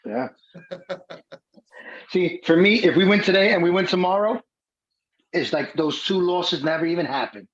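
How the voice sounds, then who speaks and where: A man co-hosting a live baseball watch-along chat. He gets excited and often stumbles and repeats his words. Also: high voice, measured pace, pauses often, dull audio. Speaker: co-host.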